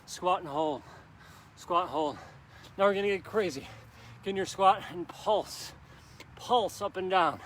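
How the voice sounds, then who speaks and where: A man's voice: high-pitched, a little slow, pauses often, fairly bright tone, a little hiss or hum. A male fitness instructor coaching a live outdoor workout, upbeat and urging viewers on with countdowns while out of breath and sweating. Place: outdoors in a park on grass.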